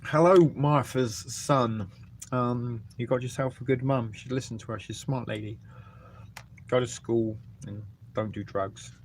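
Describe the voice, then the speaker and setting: A middle-aged Englishman casually hosts a live stream, reading viewer comments and rambling between jokes and lots of ums while he eats and burps. His mid-range voice is unhurried, with a little hiss or hum in the audio.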